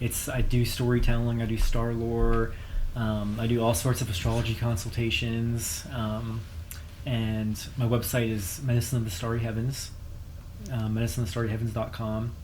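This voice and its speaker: A man chats as a podcast guest, telling a story in an animated way. His voice sits in a middle pitch. He is loose and full of fillers, and he often breaks out laughing. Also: moderate pace, slight background noise, low-quality recording. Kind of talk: casual chat.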